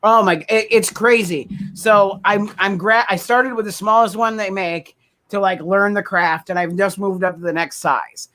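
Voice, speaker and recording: A man's voice: high voice, fairly even intonation, normal speed, pushed and bright. A man co-hosting a casual video podcast who talks eagerly and rambles, restarting sentences as he explains things. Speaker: podcast co-host. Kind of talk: casual chat.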